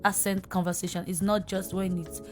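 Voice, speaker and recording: A woman's voice: medium pitch, little pitch movement, normal speed, over music. A woman podcast co-host who teaches, talking in a hesitant, thinking-aloud way full of "like" and "um". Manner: hesitant, uses 'like' and 'um', thinks aloud. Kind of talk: casual podcast chat.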